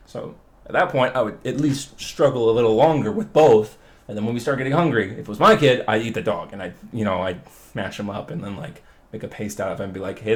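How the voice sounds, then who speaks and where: Rambling young man, lively pitch. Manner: rambling, joking, swings between loud and mumbled. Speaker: vlogger. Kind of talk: casual rambling monologue.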